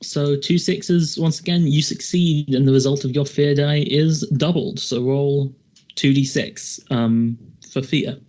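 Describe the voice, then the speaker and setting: A young man running a tabletop horror game on a podcast mic. He narrates in a slightly high voice, stalling and restarting as he thinks. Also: fairly even intonation, measured pace, darkish tone. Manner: hesitant, full of ums and restarts. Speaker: game master.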